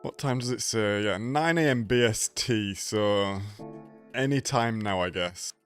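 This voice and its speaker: A man's voice: fairly low pitch, a little slow, faint music behind. A man hosting a casual live stream, nasal and congested from a cold, greeting viewers by name.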